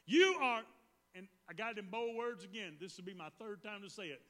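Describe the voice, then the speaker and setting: High, bright-voiced preacher in echoing hall. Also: male voice, fairly quick. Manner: repetitive call-and-response preaching, rising to shouts. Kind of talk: sermon. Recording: long reverb of a hall.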